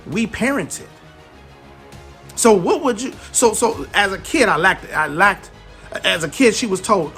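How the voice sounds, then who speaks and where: Forties guy giving a pep talk on parenting, high bright voice, real emphatic. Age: 40s. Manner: emphatic, animated storytelling. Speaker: parenting speaker. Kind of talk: motivational talk.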